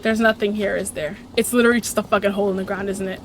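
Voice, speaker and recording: A woman's voice: medium pitch, fairly even intonation, rapid-fire, a little hiss or hum. A woman giving gameplay commentary, swearing freely, ranting sarcastically and talking back at the game's characters. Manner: talks to the game characters. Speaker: let's play host.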